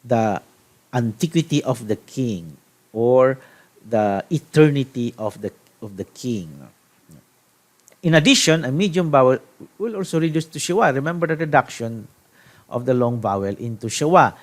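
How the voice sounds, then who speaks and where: A man from the Philippines teaching a Hebrew grammar lesson, deliberate, checking in with "okay?" and restarting phrases. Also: medium pitch, expressive. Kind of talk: classroom grammar lecture.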